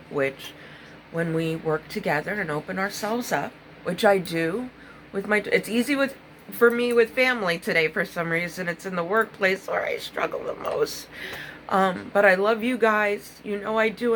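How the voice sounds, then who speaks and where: Earnest gravelly-voiced middle-aged woman. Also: mid-range voice, fairly even intonation, moderate pace, a bit bright, a little hiss or hum, rough recording. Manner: earnest, intense, speaks candidly with many restarts. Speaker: recovery vlogger. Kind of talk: emotional personal talk to viewers.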